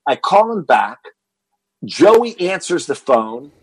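A middle-aged man from Texas, a guest in an interview, telling stories in an animated way and acting out what people said. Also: fairly high pitch, slow, breathy edge, no echo, low-quality recording. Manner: animated storyteller acting out quoted dialogue. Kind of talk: storytelling interview.

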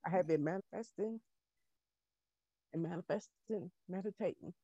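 A woman on a group video call fights back tears, her voice soft and halting as she repeats herself. The sound is dry, with no room around it. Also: fairly low pitch, slightly rough, no echo, muffled recording. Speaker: call participant asking a question. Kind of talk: emotional testimony on a video call.

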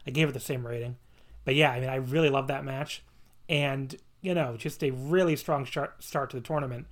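A podcast host chats casually, rambling and enthusiastic, laughing and swearing as he goes. His medium-pitched voice is steady in tone and brisk.

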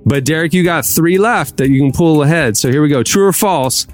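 A man's voice: fairly high pitch, a little fast, soft background music. A man hosting a trivia game on a podcast, playful and emphatic, often laughing between questions. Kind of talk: casual quiz hosting.

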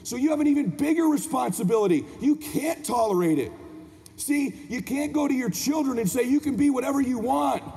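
A man's voice: very high-pitched, lively intonation, brisk, vocal fry, mellow. A man giving an impassioned motivational speech from a convention stage, pressing the crowd with questions. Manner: impassioned, preaching to the crowd, asks the room questions. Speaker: motivational speaker. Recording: long reverb of a convention hall.

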